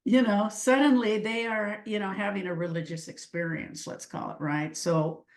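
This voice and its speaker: A woman's voice: mid-range voice, steady tone, normal speed, reverberant. A middle-aged woman speaking as an interview guest and coach, earnest and searching, often restarting her sentences. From Washington state. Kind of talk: reflective interview talk.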